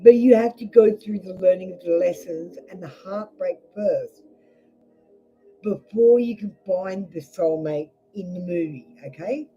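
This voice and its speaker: A woman's voice: on the low side, a little slow, warm tone, soft background music. A woman with an Australian accent giving a blunt live tarot reading and swearing freely. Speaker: tarot reader. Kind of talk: live-streamed card reading. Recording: dull lo-fi stream audio.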